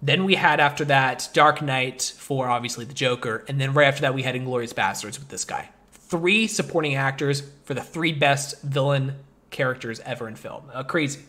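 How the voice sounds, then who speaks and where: A man hosting a casual movie podcast, rambling with lots of fillers and getting animated as he talks. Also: mid-range voice, normal speed. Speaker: podcast host.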